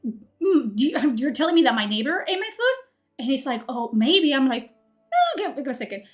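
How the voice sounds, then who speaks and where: A woman's voice: high-pitched, normal speed, soft background music. A woman in her late twenties telling a story as a heated, profane rant, acting out both sides of an argument. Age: late 20s. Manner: heated, profane, animated retelling. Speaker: streamer.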